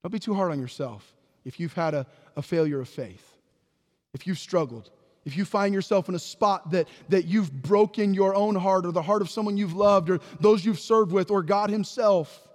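A male pastor preaching a sermon to his congregation, reading scripture aloud and asking the room rhetorical questions, swinging between raised declarations and hushed asides. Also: high voice, moderate pace. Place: church sanctuary. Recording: long reverb of a large hall.

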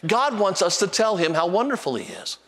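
A man preaching a sermon as pastor, animated and repeating himself with restarts, at times singing a hymn softly. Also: sits high, fairly quick, husky, in a large hall. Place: church sanctuary with long reverb.

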